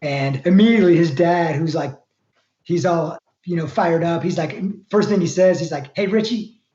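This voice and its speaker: A man from Florida, a former wrestler, telling his story as a guest in a casual interview, rambling and relaxed. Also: on the high side, normal speed, reverberant, lo-fi sound. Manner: relaxed, rambling, laughs while telling stories.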